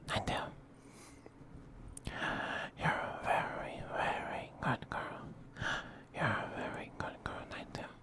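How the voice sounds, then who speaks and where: A man whispering ASMR affirmations in a slow, soothing, repetitive way, his throat a little scratchy. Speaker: ASMR streamer.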